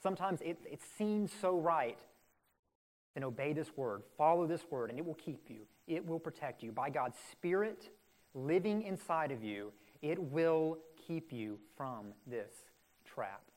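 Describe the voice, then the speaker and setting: A man's voice: on the high side, animated, unhurried, darkish tone. A man preaching a sermon in an earnest, emphatic way, repeating phrases for stress. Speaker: pastor.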